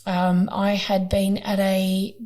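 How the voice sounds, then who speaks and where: A woman's voice: medium pitch, completely flat delivery, takes it slowly, darkish tone. Frank, emotional Australian woman. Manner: frank and emotional, with blunt swearing. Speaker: podcast guest. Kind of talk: candid conversational storytelling.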